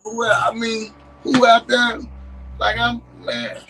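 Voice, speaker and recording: An excitable man with a Tennessee accent talks through his maps and artifacts, slangy and emphatic and now and then shouting. His voice sits high and he takes his time. A faint hum of noise sits behind him. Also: slow pace, creaky, rough recording. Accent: Southern US, Tennessee. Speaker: history vlogger. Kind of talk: excited casual show-and-tell.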